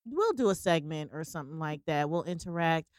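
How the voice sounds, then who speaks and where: A woman co-hosting a podcast in relaxed, upbeat casual chat, with plenty of "um" fillers. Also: deep voice, fairly quick, smooth, dry recording, clean studio sound. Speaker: podcast co-host.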